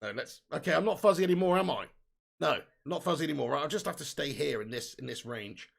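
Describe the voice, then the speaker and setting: A man's voice: a little high, lively intonation, quick pace, creaky. A man hosting a live football watch-along, joking, laughing often and reading out viewer comments. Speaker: live stream host.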